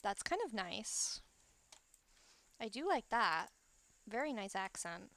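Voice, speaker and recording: A woman's voice: mid-range voice, sing-song, slow pace, a bit bright. A woman streamer chatting casually and thinking aloud as she builds in a game, correcting herself as she goes, close to the microphone. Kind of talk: casual gameplay commentary.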